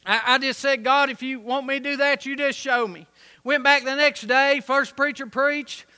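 A man preaching a sermon, telling a story and building to loud, emphatic peaks. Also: very high voice, fairly even intonation, moderate pace.

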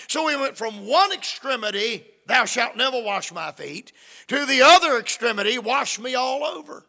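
A man's voice: very high-pitched, expressive, normal speed, vocal fry, sharp tone, in a large hall. A man preaching a fervent sermon, reading scripture and acting out the quoted lines.

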